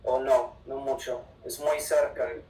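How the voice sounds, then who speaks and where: An English teacher giving an online class, upbeat and emphatic, repeating words slowly for the students. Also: mid-range voice, fairly even intonation, mellow. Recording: echoey room, distant mic.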